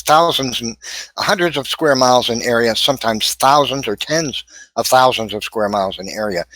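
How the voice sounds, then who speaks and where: A man arguing assertively in an online debate, pointing to slides as he goes. His voice is bright and sits close and dry on the call. He presses each claim with certainty. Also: medium pitch, no room sound, poor audio. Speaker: young earth creationist debater. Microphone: video call audio.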